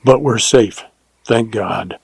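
Narrator doing a rugged Western ranger for an audiobook, urgent and commanding, dry close sound. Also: male voice, lowish voice, takes it slowly, gravelly, husky, dry recording, exaggerated voice, rough recording. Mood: weary. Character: rugged protective male ranger on the run.

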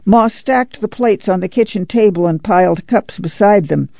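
Woman, audiobook narration, measured delivery, gravelly, dull lo-fi sound. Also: medium pitch, warm tone, no echo. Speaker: audiobook reader. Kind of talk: scripted narration.

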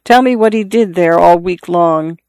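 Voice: mid-range voice, moderate pace, a little mellow, clean tone, no room sound, natural voice. A reader voicing a grieving, emotional young mother in an audiobook story, pleading and tearful. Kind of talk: audiobook character reading.

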